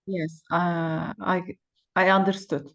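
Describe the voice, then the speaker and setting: Older woman, from Turkey, native Turkish, student, hesitant simple answers, slow, muffled lo-fi call. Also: lowish voice, level tone, gravelly, a bit bright. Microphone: video call.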